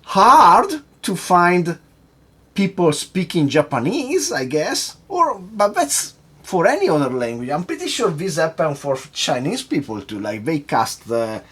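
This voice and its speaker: Husky, animated cocktail-show host man. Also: on the high side, a little slow. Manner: rambling, asks the viewer questions. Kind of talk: casual rant to camera.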